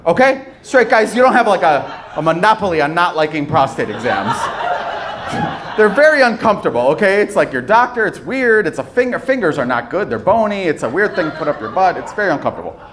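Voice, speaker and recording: A man's voice: high-pitched, sing-song, fairly quick. A man doing stand-up comedy on a club stage, chatty and self-mocking, with playful asides. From USA, Chicago area. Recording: live club, loud crowd and noise.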